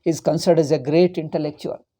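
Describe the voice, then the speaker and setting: A man's voice: a little high, fairly even intonation, quick pace, warm tone. A man, a monk teaching a philosophy class, arguing with rhetorical questions and repeating his points. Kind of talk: lecture.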